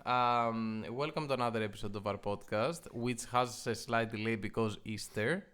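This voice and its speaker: A man's voice: medium pitch, normal speed, fairly bright tone, clean tone. Male co-host, resonant and clean, dry teasing humor. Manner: teasing, chuckling. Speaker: podcast co-host. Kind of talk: casual chat.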